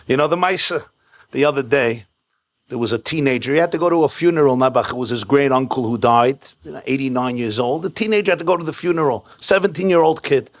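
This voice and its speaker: A rabbi gives a keynote sermon at a private home event, a man with a mid-range voice. He moves between light jokes and solemn tales, hammering points home in short repeated phrases. His delivery is animated and conversational. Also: medium pitch, quick pace. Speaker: rabbi giving a keynote address.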